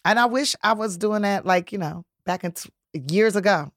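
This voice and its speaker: A woman's voice: medium pitch, no room sound. Woman comedian, podcast guest, playful and frank delivery, mid-range voice, dry close recording. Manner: playful, quick jokes, blunt. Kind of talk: casual chat.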